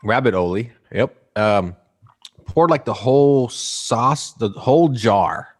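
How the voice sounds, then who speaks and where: A man co-hosting a podcast, chatting casually with quick jokes and offhand asides. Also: mid-range voice, animated. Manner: joking, quick quips, habitual "there you go". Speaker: podcast co-host. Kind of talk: casual chat.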